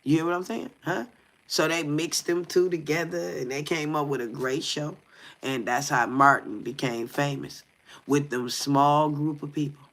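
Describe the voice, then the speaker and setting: Man, livestream commentary, talkative, slightly high voice, bright tone. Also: fairly even intonation, moderate pace. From Detroit. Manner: talkative, keeps asking "you hear me?". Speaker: content creator.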